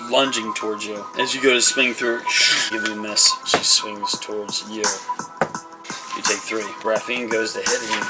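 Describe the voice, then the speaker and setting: Game master man over loud music. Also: lowish voice, level tone, moderate pace, poor audio. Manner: rambling, filler-heavy narration. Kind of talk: narrating a tabletop game.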